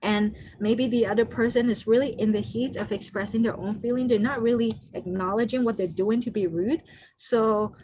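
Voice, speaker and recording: A woman's voice: fairly high pitch, fairly even intonation, normal speed, mellow, slight background noise, low-quality recording. Woman giving an online skills workshop. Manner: loose, unscripted, many fillers, acts out short quoted lines. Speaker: workshop presenter. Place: home room over a video call. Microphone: computer mic on a video call.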